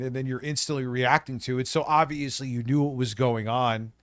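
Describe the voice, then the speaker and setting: A man's voice: mid-range voice, fairly even intonation, a little fast, fairly bright tone, smooth, no echo, clean studio sound. A man with a stuffy voice from a cold, mocking and swearing through casual commentary. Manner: blunt, mocking, swears a lot. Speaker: co-host.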